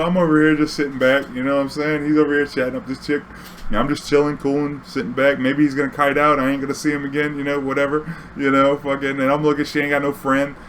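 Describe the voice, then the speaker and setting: A man's voice: medium pitch, a bit bright, a little hiss or hum. A young man, telling a casual, profane, slang-heavy story as a vlog host. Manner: profane, laid-back, full of slang and fillers.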